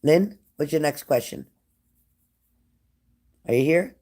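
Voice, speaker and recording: A man's voice: on the high side, animated, slow, dark tone. A man giving a casual live-streamed tarot reading at home, talking straight to a viewer and breaking off into chatty asides. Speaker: psychic tarot reader. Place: at home indoors by a glass sliding door.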